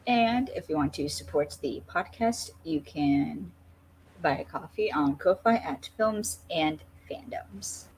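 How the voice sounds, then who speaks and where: A woman's voice: sits low, lively intonation, takes it slowly, a little mellow, slight background noise. A woman hosting a podcast in loose, jokey casual chat, swearing freely. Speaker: podcast host.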